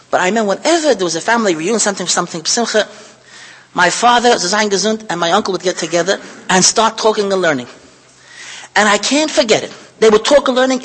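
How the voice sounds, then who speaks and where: A middle-aged man giving a storytelling sermon as a rabbi, animated and acting out the voices in his stories. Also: very high-pitched, breathy edge. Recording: reverberant hall.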